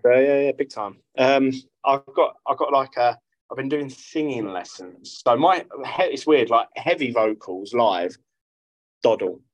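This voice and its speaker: A man's voice: medium pitch, a little slow, no echo, highs cut off. A man, chatting casually as a guest musician, rambling and swearing freely. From South London. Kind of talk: casual interview chat.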